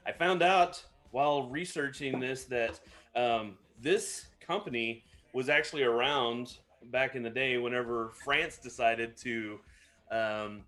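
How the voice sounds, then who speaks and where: Here a man's fairly bright, mid-range voice carries a rambling, self-mocking explanation of a cocktail. He's a co-host on a casual live stream, mixing drinks as he talks.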